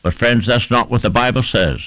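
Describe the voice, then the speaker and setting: A man's voice: medium pitch, normal speed, fairly bright tone, dry recording, rough recording. A man preaching a sermon, stressing his points and repeating phrases in rhythmic lists.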